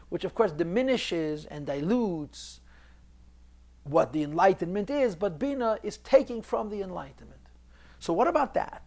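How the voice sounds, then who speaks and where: A man's voice: sits high, gravelly. A man teaching a recorded class on a Chassidic text, explaining step by step, repeating key phrases and mixing Hebrew and Yiddish terms into his English. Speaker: Torah teacher.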